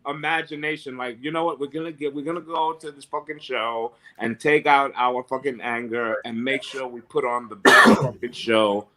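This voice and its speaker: A man, a guest wrestler in a shoot interview, talking haltingly and repeating filler phrases. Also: mid-range voice, fairly even intonation, pushed and bright, low-quality recording.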